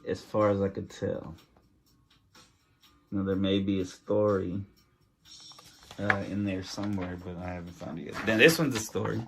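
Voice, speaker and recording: A man's voice: low-pitched, steady tone, normal speed, creaky, long pauses, fairly bright tone, soft background music. A man hosting his own podcast in loose, rambling casual chat, jittery from coffee, with lots of fillers and restarts. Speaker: podcast host.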